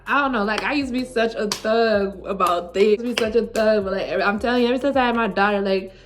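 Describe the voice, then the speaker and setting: A woman's voice: medium pitch, quick pace. A woman in her twenties, a vlogger telling a personal story at home in a casual, rambling, heartfelt way, filling her talk with "like". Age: 20s. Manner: rambling, heavy use of "like", heartfelt. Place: at home indoors.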